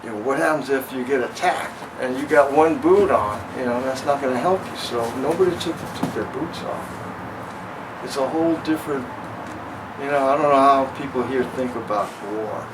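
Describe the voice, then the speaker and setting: A man in his sixties from Los Angeles recounts his memories in a frank, storytelling way during a home interview. His voice sits at an ordinary pitch for a man. It is picked up from a distance, with a steady air conditioner hum underneath. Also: brisk. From Los Angeles, USA. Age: 60s. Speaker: veteran interviewee. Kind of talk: oral history interview.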